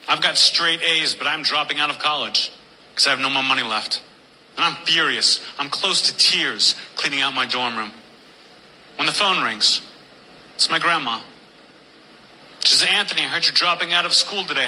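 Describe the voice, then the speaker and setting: Very bright-voiced deadpan stand-up comic. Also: male voice, medium pitch, normal speed, long pauses, slight background noise. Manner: deadpan, building to a dark punchline. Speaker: stand-up comedian. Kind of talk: stand-up storytelling. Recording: live club recording, echoey with faint ambience.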